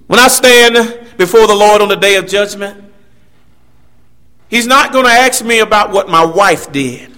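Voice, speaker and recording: A man preaches a sermon at normal speed in a high-pitched, ringing voice that is pushed and bright, with a clear, resonant tone. He is emphatic, swinging his delivery up and down and making asides to the congregation.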